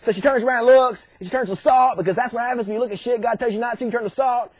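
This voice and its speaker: Comic monologue: very high-pitched man, crude and irreverent, dry close sound. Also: steady tone, no room sound. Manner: crude, irreverent, profane retelling with quick voice switches.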